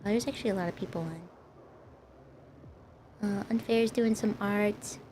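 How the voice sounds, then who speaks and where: A woman's voice: medium pitch, steady tone, normal speed, dark tone, slight background noise. A woman streamer in casual live-stream chat, rambling and talking to her viewers. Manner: rambling, chatty, talks to chat.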